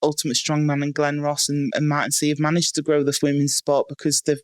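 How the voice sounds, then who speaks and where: A woman athlete answering interview questions in a relaxed, casual way, with plenty of "um" and "like". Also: low voice, quick pace, no echo. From United Kingdom. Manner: relaxed, filler-heavy, with frequent "um" and "like". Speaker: strongwoman athlete, podcast guest.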